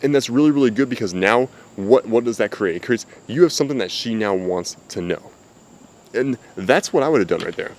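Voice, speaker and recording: A man's voice: medium pitch, lively intonation, brisk, darkish tone. A man giving blunt, profane dating advice in casual talk to camera, outdoors. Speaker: dating coach. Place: outdoors with cicadas. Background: faint cicadas.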